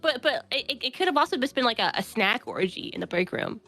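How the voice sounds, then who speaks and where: A woman's voice: a little high, lively intonation, fast, bright, forceful tone, faint music behind. A woman playing a comedic tabletop game as a guest, brash and joking and swearing freely. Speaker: guest player.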